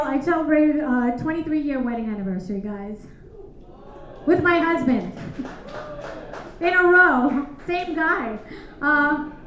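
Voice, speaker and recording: A woman in her forties doing a brash stand-up set with deadpan punchlines, talking to the crowd from a comedy club stage into a handheld mic. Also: high-pitched, a little hiss or hum. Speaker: stand-up comedian hosting a show. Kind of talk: stand-up routine. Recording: echoey club, slightly dull sound.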